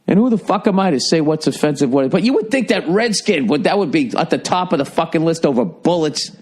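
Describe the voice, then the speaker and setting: A man's voice: medium pitch, a little mellow. Profane rambling man, sarcastic riffs. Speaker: podcast host. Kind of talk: rambling monologue.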